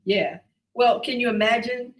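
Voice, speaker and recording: A woman's voice: on the high side, a little slow, low-quality recording. A woman hosting a talk show over a video call, asking long rambling questions with many restarts and asides. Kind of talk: casual interview chat.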